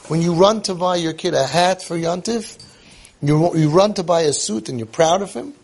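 Husky, slightly high-voiced man, emphatic parenting coach, informal talk. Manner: earnest, emphatic, Yiddish-laced speech.

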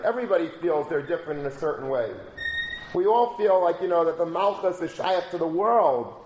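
A man's voice: high voice, darkish tone. Guy teaching torah, storytelling way, faint hum behind, roomy echo. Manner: conversational storytelling, Hebrew and Yiddish terms. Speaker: rabbi. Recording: echoey room, faint ambience.

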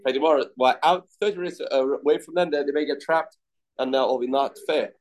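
A man's voice: a little fast, a little mellow, rough recording. A man teaching a Talmud class, mixing English explanation with quoted Aramaic and Hebrew text and acting out the quoted voices. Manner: acts out quoted voices with sudden pitch jumps.

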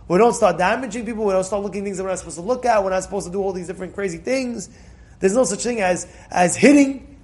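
A man with a notably high voice delivers a Torah class to his listeners. He talks emphatically, circles back to repeat his points, and now and then bursts into loud cries for effect. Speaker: Torah teacher.

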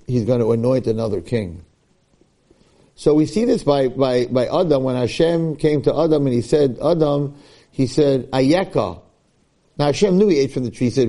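A man, a rabbi giving a Torah class, who acts out quoted dialogue, mixes in Hebrew and Yiddish terms and often repeats words as he restarts. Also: warm tone. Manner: acts out quoted dialogue with sudden jumps in pitch; peppers his talk with Hebrew and Yiddish terms. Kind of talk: animated Torah lecture.

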